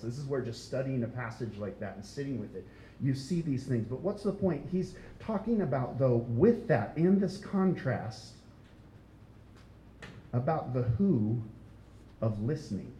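A man delivers an expository sermon in a mellow, warm tone, speaking conversationally and stressing key words. He often puts questions to the congregation. The sound is roomy, with a faint low rumble behind him. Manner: conversational, emphatic, asks the listeners questions. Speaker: pastor.

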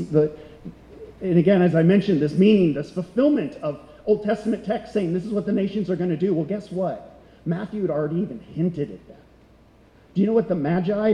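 A man's voice: fairly high pitch, warm tone. A middle-aged man preaching a sermon as pastor, conversational and full of rhetorical questions. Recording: echoey hall.

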